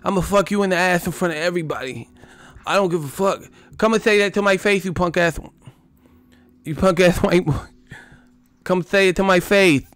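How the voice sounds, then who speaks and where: A man doing a shrill, menacing boxing champion. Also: normal speed, pauses often, a bit bright, no echo. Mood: taunting. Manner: high-pitched, menacing, profane taunting. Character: impression of a feared, profane male boxing champion.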